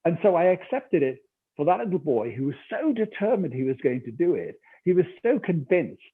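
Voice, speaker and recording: A man's voice: a little high, sing-song, a little fast, husky. An older man from Newcastle with a Geordie accent, an actor and audiobook narrator telling a story in an interview, acting out quotes and laughing often. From Newcastle, England. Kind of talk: remote interview conversation. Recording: tinny call audio.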